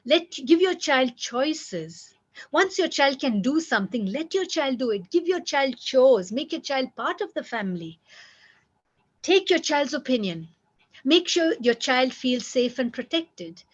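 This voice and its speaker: Woman parenting coach, high voice, direct and repetitive delivery, dull lo-fi recording. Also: big pitch swings, measured pace. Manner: direct, repeats key phrases. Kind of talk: lecture to parents.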